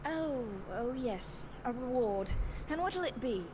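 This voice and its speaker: A woman's voice: sits high, lively intonation, slow pace, background noise. An actress voicing a spirited young noblewoman in a video game, pointed and indignant. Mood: eager. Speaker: game character.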